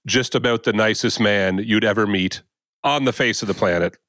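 New man, teacher and podcast co-host, chatty and bright, dry close mic. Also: on the low side, moderate pace, no echo. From New Brunswick, Canada. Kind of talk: casual chat.

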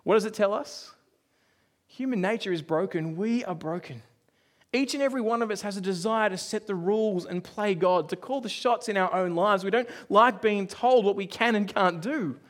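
A man preaching a sermon in a conversational, storytelling way, with offhand asides and moments where he drops to a hush. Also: sits high, normal speed. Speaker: pastor.

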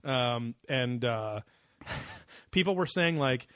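Brief: young male co-host, crude rambling banter, medium pitch, dry close sound. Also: animated, takes it slowly, pauses often, fairly bright tone, clean tone, dry recording. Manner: rambling, crude, laughs often. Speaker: podcast co-host. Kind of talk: casual comedic chat.

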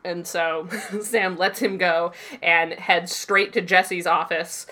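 A woman co-hosting a podcast, casually recapping a TV episode and acting out quick snippets of the characters' lines. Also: on the low side. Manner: animated storytelling with quick put-on quotes. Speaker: podcast co-host.

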